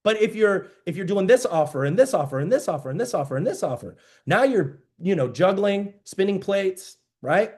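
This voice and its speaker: A man with a fairly high voice gives an emphatic motivational talk to a business group. He hammers his points home with repetition in a coaching tone. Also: lively intonation, normal speed, few pauses, a little mellow. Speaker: business mentor.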